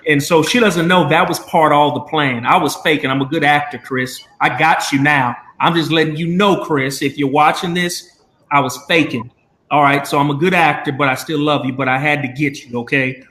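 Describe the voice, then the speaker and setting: Guy hosting a live video chat, earnest and rambly, lots of ums, kinda high voice, echoey room. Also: fairly even intonation, moderate pace, sharp tone. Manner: earnest, rambling, many fillers. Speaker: show host.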